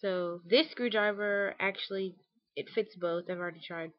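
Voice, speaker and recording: A woman's voice: medium pitch, fairly even intonation, moderate pace. A young woman vlogging a casual how-to tutorial at home, chatty, with lots of fillers like "um" and "like". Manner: chatty, with many fillers and acted quotes. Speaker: beauty vlogger. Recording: dull lo-fi webcam audio.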